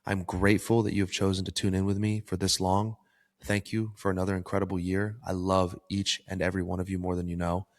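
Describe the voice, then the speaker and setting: A low-pitched man talks straight to his listeners, coaching them through a life-planning exercise. He sounds earnest and pushes hard, dropping a swear word now and then for emphasis. His voice rings with a long reverb. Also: little pitch movement, quick pace. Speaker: podcast host. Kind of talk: solo motivational podcast talk.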